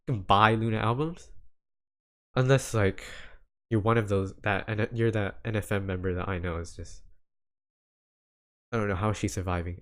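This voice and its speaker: A man hosting a casual solo podcast in a lowish voice. He rambles, doubles back, and keeps apologizing with self-deprecating asides. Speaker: podcast host.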